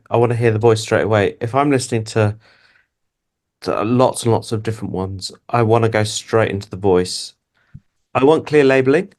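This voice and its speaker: British man explaining in a lowish voice. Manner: explanatory, thinks aloud with restarts. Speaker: animation director and guest. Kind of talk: casual interview chat.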